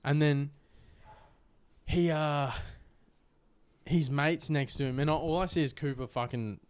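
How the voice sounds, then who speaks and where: A man's voice: fairly high pitch, steady tone, a little slow, a little mellow, no room sound. A young Australian man co-hosting a podcast, rambling through a crude story full of swearing. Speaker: podcast co-host. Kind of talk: casual storytelling chat.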